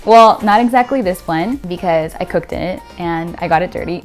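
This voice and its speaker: A woman's voice: on the low side, measured pace, faint music behind. A woman hosting a home cooking vlog, talking to viewers in an effusive, chatty way with plenty of "like" and "you know", gushing with gratitude. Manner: gushing and grateful toward viewers. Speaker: cooking channel host. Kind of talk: casual cooking vlog sign-off.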